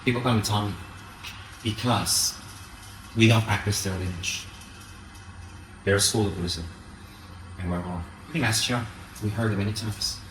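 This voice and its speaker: A man giving an animated Dharma talk as a Buddhist teacher, often mocking the voices of his critics. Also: lowish voice, normal speed, long pauses, roomy sound, noisy background.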